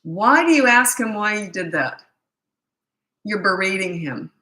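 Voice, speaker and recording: A middle-aged woman runs a casual live parenting Q&A, talking bluntly and poking fun at herself. Her voice is bright and forceful, and the room around her rings with echo. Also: mid-range voice, big pitch swings, unhurried. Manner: chatty, blunt and self-deprecating, laughs at herself. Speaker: parenting coach hosting a live Q&A. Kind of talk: casual live-stream chat answering viewer questions. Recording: echoey room.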